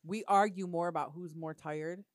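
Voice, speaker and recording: A woman's voice: lowish voice, fairly even intonation, moderate pace, no room sound, clean studio sound. A woman in casual chat, talking in a wry, reflective way.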